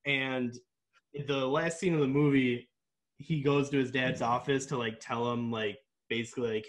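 A man's voice: medium pitch, steady tone, normal speed. A young man co-hosting a casual podcast chat, talking loosely with lots of fillers and frequent laughs. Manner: laughs often, chatty with many fillers. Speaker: podcast co-host.

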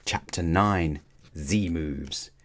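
A man narrates a children's adventure book aloud with expressive, measured storytelling. His voice sits on the low side. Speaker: storybook reader.

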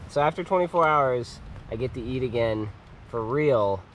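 A man's voice: medium pitch, expressive, moderate pace, a little hiss or hum. A man hosting a camping vlog, talking casually and playfully, cooing at a baby goat in a tent at an island campsite. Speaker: vlog host.

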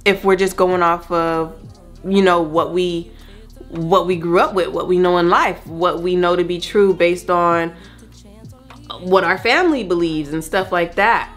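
A woman vlogger talks casually to her viewers while getting ready at home. Her voice sits on the low side, and her manner is chatty and wandering. Soft music plays faintly behind her. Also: steady tone, unhurried. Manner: chatty and rambling, addresses viewers directly. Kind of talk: casual get-ready-with-me chat. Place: at home doing her makeup.

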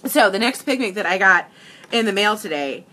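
A woman hosting a casual makeup livestream, gushing with excitement and tearful gratitude as she greets her viewers. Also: mid-range voice, moderate pace.

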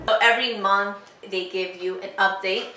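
A woman's voice: medium pitch, fairly bright tone, roomy sound, a little hiss or hum, poor audio. A young woman vlogger chatting casually, teasing and laughing often. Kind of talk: casual chat.

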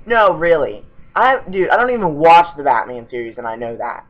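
A man's voice: a little high, big pitch swings, moderate pace, hardly any pauses. A man hosting a fanfiction review show. He reads stories aloud, stumbles over misspelled words and adds sarcastic asides. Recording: tinny lo-fi home recording.

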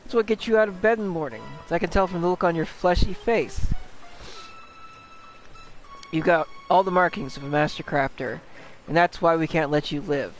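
A man's voice: fairly high pitch, normal speed, faint music behind, close to an everyday voice, low-quality recording. A man voicing a rowdy, bossy male skeleton pirate sailor in a put-on British pirate accent, reading game dialogue aloud. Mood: teasing. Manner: gruff, rough sailor slang, teasing threats.

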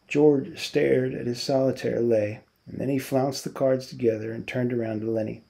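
A male teacher narrating a novel aloud, calm and unhurried. His voice is gravelly with a dark, mellow tone. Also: mid-range voice.

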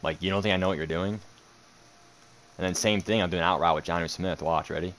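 Deep-voiced frustrated gaming streamer man. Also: fairly even intonation, fairly quick, pauses often, a bit bright, a little hiss or hum. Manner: frustrated, swearing, sarcastic muttering. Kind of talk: live game commentary.

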